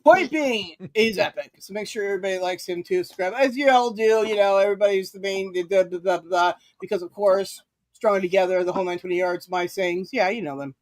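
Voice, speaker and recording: A woman hosting a loose, chatty stream, talking at an average pitch. She rambles from thought to thought, swears casually and jumps into high voices for quoted lines. Her voice is dry and close, with no room around it. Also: a little fast, no room sound. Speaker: stream host. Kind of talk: casual chat on a livestream.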